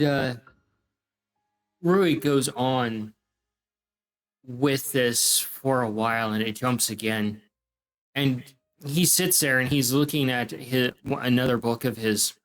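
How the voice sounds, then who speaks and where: A man narrating as game master of a tabletop game, pausing often with fillers. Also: medium pitch, rough recording. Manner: halting, many fillers.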